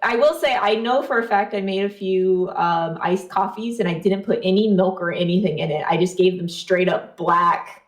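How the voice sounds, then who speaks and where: A woman's voice: mid-range voice, moderate pace. A young woman co-hosting a podcast in easygoing casual chat, laughing often. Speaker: podcast co-host. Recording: roomy echo.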